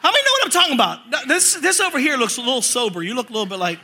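A man preaching a lively, comic sermon to a church congregation, telling stories with acted-out quotes. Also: extremely high pitch, very fast, a little hiss or hum. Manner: animated storytelling with acted quotes and laughter.

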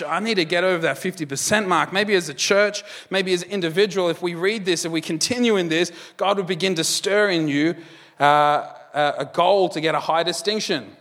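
A man delivers a sermon in a loose, conversational way, dropping in jokes as he goes. His voice sits a little high for a man. It rings out with the long reverb of a large hall. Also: a little fast, a bit bright. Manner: conversational, joking asides with laughs. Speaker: pastor.

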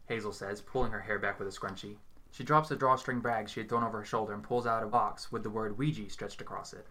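A man reading a horror story aloud in a steady, measured storytelling voice. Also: lowish voice. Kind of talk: dramatic horror story narration.

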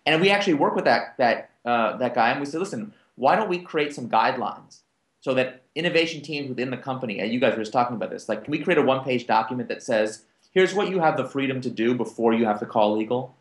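A man on a conference panel, talking through a business story and slipping into the voices of the people in it. His pitch sits in the ordinary middle range, and the sound carries a roomy echo. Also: fast. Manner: animated, acts out quoted dialogue. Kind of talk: anecdotal storytelling to an audience.

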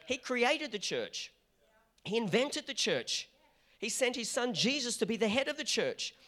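An Australian man, a middle-aged pastor, preaching a passionate, animated sermon with frequent restarts. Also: extremely high pitch, unhurried.

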